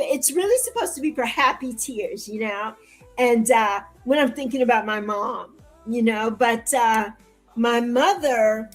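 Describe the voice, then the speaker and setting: A woman with a high voice talks in an interview about what matters most to her, circling back to the same phrases. Her delivery is heartfelt and turns tearful and pleading at times. Faint music plays behind her. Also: animated, moderate pace, rough recording. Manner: heartfelt, repetitive, rising into tearful pleading when hurt. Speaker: interview guest. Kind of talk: emotional interview conversation.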